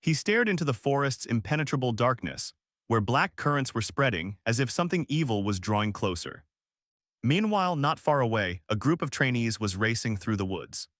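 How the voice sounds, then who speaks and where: A male narrator who reads a story recap with dramatic flair. His pitch swings a lot, and the dry, close sound has no room echo. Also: sing-song, normal speed, fairly bright tone.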